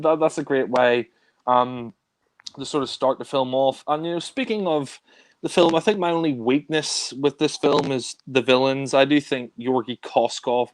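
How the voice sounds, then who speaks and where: A man's voice: mid-range voice, clean tone, dry recording. Man, chatty film discussion, lots of fillers, resonant voice, dry recording. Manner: rambling, many fillers and restarts, laughs often. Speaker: film reviewer.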